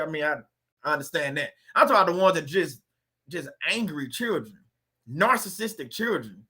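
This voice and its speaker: A man speaks as host of a faith-based channel, in a loose, conversational style that turns preachy. He asks his viewers rhetorical questions and talks right at them. His voice sits high and has a very bright, sharp edge. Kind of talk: casual preachy commentary.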